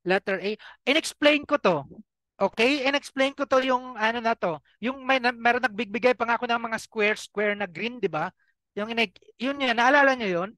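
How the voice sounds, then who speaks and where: A man's voice: very high voice, brisk, sharp tone, no echo, low-quality recording. A man with a Filipino accent teaching an online review class for an exam, quizzing his students and switching between Tagalog and English.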